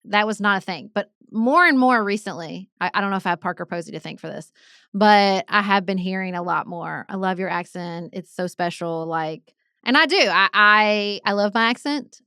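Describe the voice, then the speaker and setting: A woman's voice: mid-range voice, normal speed, bright, forceful tone, clean tone, no echo. Chatty Southern woman, dry studio sound. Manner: chatty, enthusiastic, says "y'all". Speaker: podcast co-host. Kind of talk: casual conversational podcast chat.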